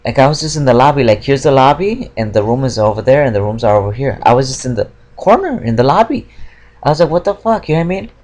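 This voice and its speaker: A man's voice: mid-range voice, animated, fast, darkish tone. A young man telling a story in a casual vlog, rambling with many fillers and heavy swearing, frustrated. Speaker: vlogger.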